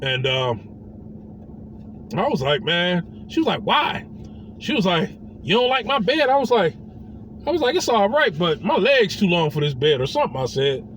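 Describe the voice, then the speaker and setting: A man with a high, slightly bright voice tells a personal story in a casual, loose manner at a moderate pace. His pitch swings a lot, he slips into quoted people's voices, and there's a faint noise in the background.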